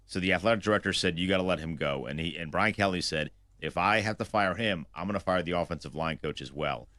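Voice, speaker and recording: Male co-host, very low pitch, forceful delivery, sarcastic. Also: fast talker, no room sound, clean studio sound. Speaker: sports show co-host. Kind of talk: casual sports talk.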